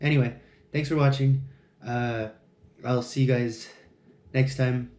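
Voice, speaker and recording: Slow-talking, foul-mouthed man vlogger. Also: medium pitch, steady tone, over music. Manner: profane, mumbling to himself, self-mocking. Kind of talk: casual solo vlog talking to camera while building. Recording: echoey room.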